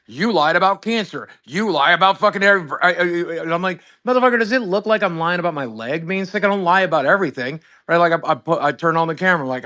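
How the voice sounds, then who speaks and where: A man tells a profane, animated story on a livestream, switching between voices for himself and the other caller. His voice sits slightly high. He talks into a desk mic over a video call. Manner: profane, emphatic, acts out both sides of a phone call. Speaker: streamer host.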